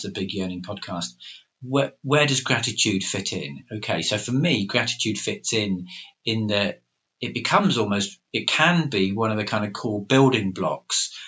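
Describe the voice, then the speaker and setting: A man's voice: lowish voice, animated, unhurried, bright, forceful tone. A middle-aged man co-hosting a podcast, speaking in a thoughtful, hesitant way with many fillers. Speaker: podcast co-host, coach. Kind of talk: reflective podcast discussion. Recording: dull lo-fi sound.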